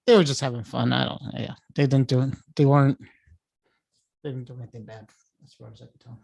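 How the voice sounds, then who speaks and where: A man's voice: mid-range voice, steady tone, fast talker, creaky, darkish tone, dry recording, studio quality. A man co-hosting a podcast, telling rambling anecdotes with restarts and laughter. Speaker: podcast co-host. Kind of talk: casual chat.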